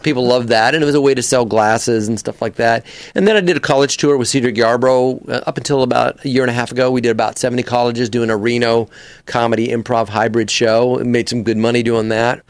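Comedian and voice actor, male, lively storyteller who jumps into character voices, close dry mic. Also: medium pitch, fast, clear, resonant tone, dry recording. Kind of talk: casual interview chat.

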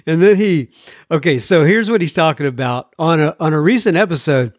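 A man's voice: on the high side, expressive, measured pace, dry recording, studio quality. A man hosting a podcast, reading listener emails aloud and chatting between them with self-deprecating jokes. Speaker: podcast host.

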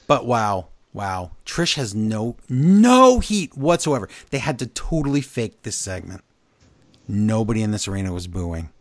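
A man co-hosting a podcast, recapping events in casual chat, animated and blunt with his opinions. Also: on the low side, unhurried, dry recording. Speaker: podcast co-host.

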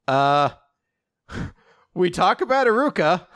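A man's voice: fairly high pitch, animated, unhurried, fairly bright tone. A man in casual chat, animatedly recapping a story, laughing often and acting out quoted lines.

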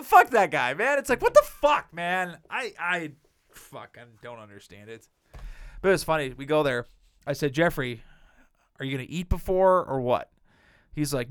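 Man, young adult, smooth resonant voice, dry close sound, profane rambling storyteller, casual podcast chat. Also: a little high, lively intonation, normal speed, fairly bright tone, dry recording. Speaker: podcast co-host.

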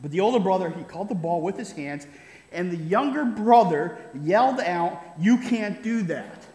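A man's voice: high-pitched, animated, moderate pace, a little mellow, a little hiss or hum. A man preaching a sermon, telling a story with frequent "right?" asides and chuckles. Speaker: pastor. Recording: roomy hall reverb.

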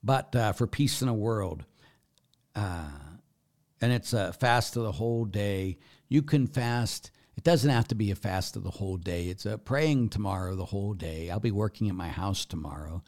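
A man's voice: on the low side, normal speed, a little mellow. A man, a priest answering viewer questions in a casual live Q&A, blunt and chatty with many fillers. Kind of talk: casual live Q&A, reading comments aloud.

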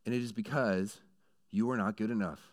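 A man's voice: fairly low pitch, brisk. Conversational man preaching a sermon. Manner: conversational preaching, building to animated storytelling. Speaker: pastor.

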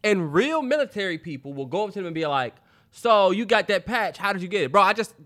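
Male podcast co-host, high bright voice, teasing sidekick in casual banter. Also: big pitch swings. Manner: teasing, quick short jabs. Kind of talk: casual chat.

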